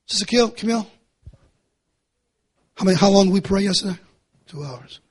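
A middle-aged man preaching a sermon, passionate and repetitive, rising to shouts and dropping to hushed pleas. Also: sits high, a little fast. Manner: impassioned, repetitive, swinging between shouting and hushed pleading. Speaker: pastor.

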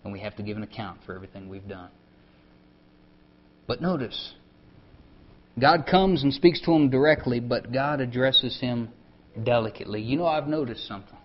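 A male preacher, giving a conversational sermon and often dropping his voice soft for emphasis. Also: mid-range voice, animated, moderate pace, pauses often. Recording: dull lo-fi recording.

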